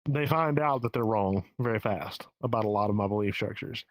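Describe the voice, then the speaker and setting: A man's voice: on the low side, fairly quick, no echo, rough recording. A man with a Southern US accent talking as a stand-up comedian guest in a casual podcast interview, candid and profane, often restarting his sentences. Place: home in the Pacific Northwest.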